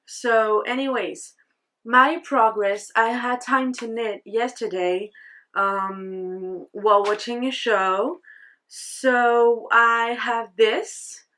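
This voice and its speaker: A woman's voice: on the high side, fairly even intonation, very slow, bright, forceful tone. A young woman with a French accent, a native French speaker, chatting casually in a vlog, rambling and laughing at herself, a little tired. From France. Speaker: knitting vlogger.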